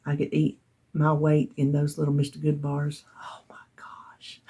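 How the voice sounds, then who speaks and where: Southern lady vlogging, chatty and laughy, low husky gravelly voice. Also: warm tone. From North Carolina. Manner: chatty and self-deprecating, laughs often, drops to whispers. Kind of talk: casual chat to camera.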